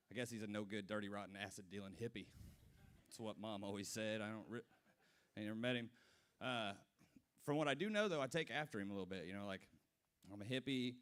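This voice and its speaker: A man in his twenties does a stand-up set on a brewery comedy stage, telling loose, profane stories with asides to the crowd. His voice is on the low side with a fairly bright tone, and he talks a little fast with frequent pauses.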